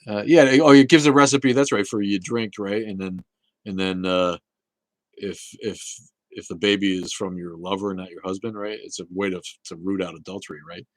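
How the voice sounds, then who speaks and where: A man hosting a casual live talk show, rambling and swearing, with many halting restarts as he answers viewer chat. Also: sits low, steady tone, no echo, low-quality recording.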